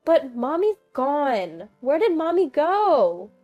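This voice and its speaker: A woman voicing a small, tearful young boy in a high, soft childish voice, with faint background music. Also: big pitch swings, takes it slowly, highs cut off, exaggerated voice.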